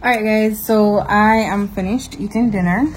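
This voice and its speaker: A woman's voice: medium pitch, steady tone, moderate pace, over music, poor audio. A young adult woman chatting casually to her viewers in a home vlog, rambling and explaining in loose run-on sentences. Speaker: vlogger.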